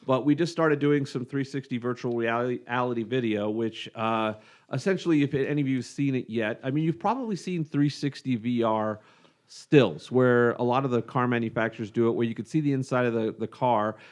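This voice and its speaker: A man's voice: mid-range voice, a little fast. A man co-hosting a podcast, chatting casually in a dry, teasing way. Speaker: podcast co-host. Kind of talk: casual chat.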